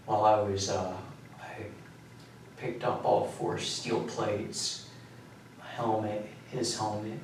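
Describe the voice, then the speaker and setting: Flat-voiced young man, echoey and distant. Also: fairly low pitch. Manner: flat, halting and detached, with many pauses and fillers. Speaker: suspect giving a police confession. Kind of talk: recorded police interview. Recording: echoey room recording from far off, faint hiss.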